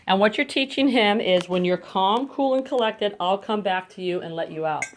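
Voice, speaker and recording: Calm woman dog trainer teaching at home. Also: mid-range voice, normal speed, few pauses. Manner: coaxing praise to dogs between calm explanations. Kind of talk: instructional demonstration. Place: home bedroom, indoors. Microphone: phone camera.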